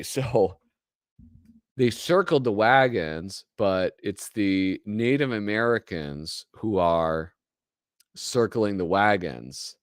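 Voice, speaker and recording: A man's voice: sits low, clear, resonant tone, no echo, studio quality. A man hosting a live show, chatting casually with rambling, joking asides that trail off mid-thought. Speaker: host. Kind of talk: casual live-stream commentary.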